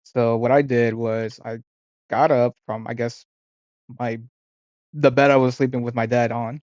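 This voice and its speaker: A young man speaks at a middle pitch, halting and searching for words as he tells a memory. The sound is dry and dull, with no room echo. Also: flat delivery, a little mellow. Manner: hesitant, full of fillers and restarts. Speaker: podcast co-host. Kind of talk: casual chat.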